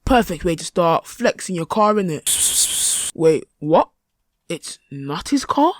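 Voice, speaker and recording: A man's voice: on the high side, sing-song, slow, no echo, clean studio sound. A man hosting a reaction video, mocking and chatty in his commentary. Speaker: YouTube reaction host.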